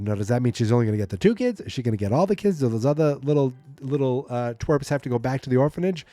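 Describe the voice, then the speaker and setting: A man's voice: mid-range voice, fast talker, hardly any pauses, warm tone, dry recording, faint music behind. A man hosting a podcast, casually recapping a sitcom episode in a rambling, self-correcting way and acting out the characters' lines as he goes. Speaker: podcast host.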